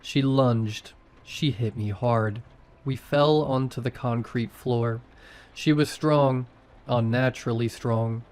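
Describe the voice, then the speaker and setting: A man's voice: medium pitch, fairly even intonation, slow pace, a little mellow. A man narrating a first-person horror story in short, tense sentences.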